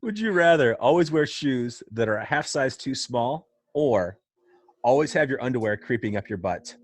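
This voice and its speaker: A middle-aged man hosting a podcast, upbeat and playful as he asks his guest questions. His voice sits at an everyday pitch and sounds close and dry, with no room echo. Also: expressive, moderate pace. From Illinois. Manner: upbeat, jokey question-asker. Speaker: podcast host. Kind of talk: casual podcast interview.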